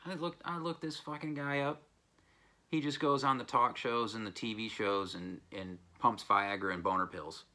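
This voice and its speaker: A man's voice: lowish voice, pushed and bright. A man in a casual vlog, telling a blunt, profane story while recovering from an illness. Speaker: record collecting vlogger.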